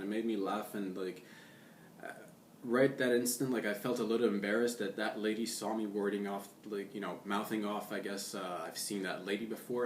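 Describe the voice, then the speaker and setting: Easygoing young guy, lowish voice, chatty rambling vlog, heard from a distance with room echo. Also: slight background noise. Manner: rambling, laid-back, says "man" and "dude" a lot. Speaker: vlogger. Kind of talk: casual monologue. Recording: roomy echo, distant from the mic.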